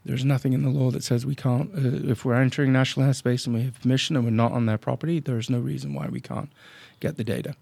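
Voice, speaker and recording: A man's voice: mid-range voice, expressive, fast, vocal fry, hardly any pauses, darkish tone, husky, no room sound. A man who owns a drone company, a podcast guest telling blunt, emphatic stories and acting out his clients' lines. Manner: blunt, emphatic storytelling that acts out client dialogue. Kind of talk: casual podcast interview.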